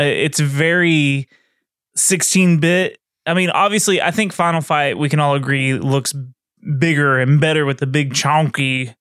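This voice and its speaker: A man co-hosting a casual game review podcast, talking in an animated, rambling way. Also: a little high, no echo, studio quality. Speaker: podcast co-host.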